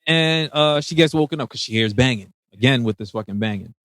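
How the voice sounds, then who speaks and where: A man's voice: medium pitch, animated, brisk, a bit bright, no echo. A man co-hosting a podcast, recapping a film in loose slang and often asking "know what I mean". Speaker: podcast co-host. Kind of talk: casual film discussion.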